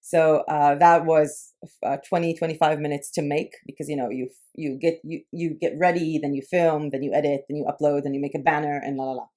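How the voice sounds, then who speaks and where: Speaking English with a light Israeli accent softened by American influence, this young YouTube creator from Israel talks casually in her personal vlog, full of filler words. Her voice is deep and dark in tone, her delivery flat and fairly quick.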